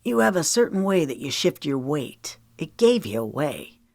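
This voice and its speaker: A woman's voice: low voice, sing-song, moderate pace, gravelly, darkish tone, dry recording, full character voice. A woman reading the lines of a level-headed male former Navy SEAL in an audiobook.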